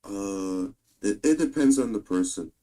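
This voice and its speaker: A man in casual livestream chat who speaks haltingly, in hesitant fragments. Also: lowish voice, lively intonation, dark tone, poor audio. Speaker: co-host on a livestream.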